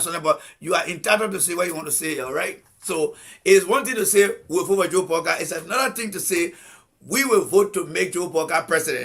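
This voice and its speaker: A combative man with a Liberian accent delivering political commentary on a live stream. His voice sits high and gravelly, with a bright, husky edge. He hammers his points home with repeated rhetorical questions. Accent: Liberian English.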